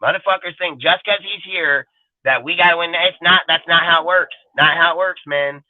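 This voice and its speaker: A man's voice: a little high, normal speed, dry recording. Ranting profane man, tinny phone-like sound. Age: 40s. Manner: crude, heated, rambling, constant swearing. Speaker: podcast co-host. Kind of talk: profane sports talk rant. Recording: tinny phone-like audio, dry.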